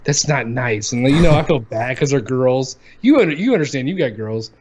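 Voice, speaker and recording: A man's voice: medium pitch, big pitch swings, brisk, a little mellow. A man in his thirties co-hosting a live gaming show, chatting casually, swearing often and laughing as he rambles. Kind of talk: casual chat.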